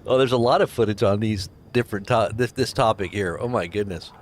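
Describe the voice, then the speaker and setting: A man's voice: on the low side, brisk, a little hiss or hum. Rambling man hosting a livestream. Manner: rambling, reads out chat names, chuckles. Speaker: livestream host. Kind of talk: casual livestream chat.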